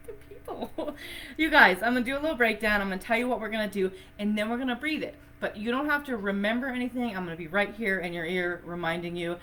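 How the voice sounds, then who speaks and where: A woman's voice: medium pitch, expressive, quick pace, a bit bright, a little hiss or hum. A woman teaching breathwork on a live online session, chatty and effusive, laughing often and using a lot of fillers. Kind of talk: casual live-stream teaching.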